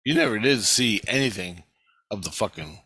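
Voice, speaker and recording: A man's voice: on the low side, animated, moderate pace, pushed and bright, husky, no room sound. A man telling a story in an angry, rambling monologue, swearing often and repeating himself. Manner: profane, agitated, repeats himself.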